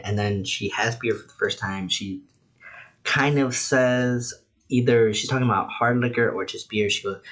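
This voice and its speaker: A man's voice: mid-range voice, normal speed, fairly bright tone. A man casually reviewing anime episodes, rambling with lots of "like" and "you know".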